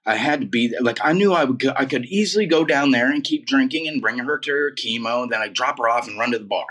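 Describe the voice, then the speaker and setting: He talks fast in a medium pitch with a touch of brightness: a man in his forties sharing his story in an interview, emphatic and relaxed, peppering his speech with "man" and "dude." The mic is placed slightly far from him.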